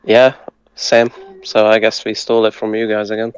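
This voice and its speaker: A man who speaks Hungarian natively, patiently tutoring and breaking words down slowly, with some hesitant fillers. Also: lowish voice, monotone, clear, resonant tone, no room sound, rough recording. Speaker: language tutor. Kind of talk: casual language lesson.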